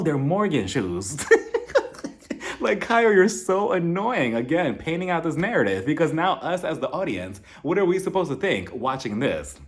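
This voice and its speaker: In his casual recap of a reality show, a male reviewer stays sarcastic and gossipy. He regularly reenacts what the cast said, putting on a high voice.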